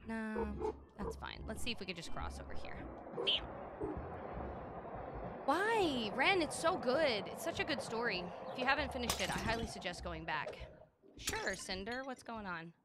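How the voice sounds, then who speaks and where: Animated woman streamer, lively pitch. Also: moderate pace, loud music behind the voice. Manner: animated, playfully yells at game characters. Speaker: live streamer. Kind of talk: live gameplay commentary, chatting with viewers.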